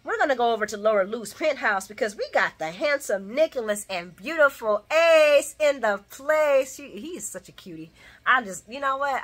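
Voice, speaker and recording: A woman's voice: fairly high pitch, a bit bright. A woman hosting a casual soap opera recap, chatty and opinionated, who laughs often and talks straight to her viewers. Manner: speaks to viewers as y'all.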